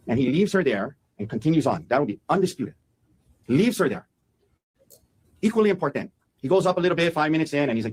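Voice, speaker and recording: A man, a defense attorney, delivering an animated opening statement to a jury and acting out quotes as he goes. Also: on the high side, breathy edge, poor audio. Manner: fast, animated, acts out quotes.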